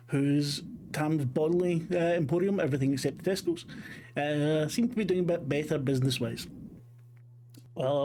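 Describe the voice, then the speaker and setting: A man's voice: fairly high pitch, dark tone. A man running a tabletop game as game master, swearing a lot and recapping the story with many fillers. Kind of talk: casual chat and game recap narration. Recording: background noise.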